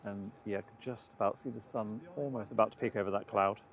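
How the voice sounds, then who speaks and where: A man co-hosting a live stream in casual commentary, relaxed and making jokey remarks. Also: on the low side, brisk, a crowd in the background.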